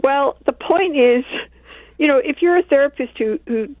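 A woman talks calmly about her work as a couples therapist, walking through examples from sessions. Her voice comes through a narrow, tinny line with a dry sound. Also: high-pitched, moderate pace, no echo. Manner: calm, explains with acted-out examples. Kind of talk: interview conversation.

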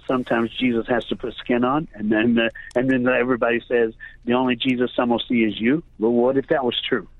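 A man's voice: mid-range voice, no room sound. A man who speaks at school assemblies, telling stories in an earnest, preacherly way as a guest on the phone. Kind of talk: storytelling on a phone interview. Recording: tinny phone line, dry.

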